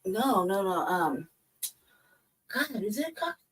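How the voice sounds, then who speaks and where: A woman chatting casually on a podcast, telling animated, profane stories and laughing often. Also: medium pitch, slow, breathy edge, far from the mic, rough recording. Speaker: podcast co-host. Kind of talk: casual storytelling chat.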